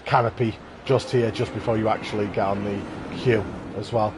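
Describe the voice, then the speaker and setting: A man's voice: fairly low pitch, fairly even intonation, normal speed, noisy background. A man hosting a casual live stream, touring and praising contest park builds with eager, effusive commentary. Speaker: livestream host touring contest parks.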